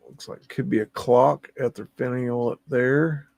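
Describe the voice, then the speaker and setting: A man's voice: medium pitch, fairly even intonation, normal speed, gravelly, a little mellow, no room sound. A man hosting a livestream, musing aloud and easily amazed as he comments on photos, humming to himself between remarks. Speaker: livestream host.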